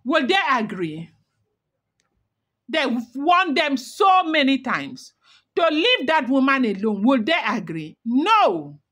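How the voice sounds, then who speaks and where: A woman's voice: high voice, sing-song, slow pace, fairly bright tone. A woman narrating celebrity gossip in a dramatic, repetitive, emphatic way.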